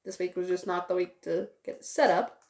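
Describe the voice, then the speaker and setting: A woman's voice: fairly low pitch, steady tone, a little fast, darkish tone, echoey room. A woman giving a casual spoken movie review, rambling with many fillers.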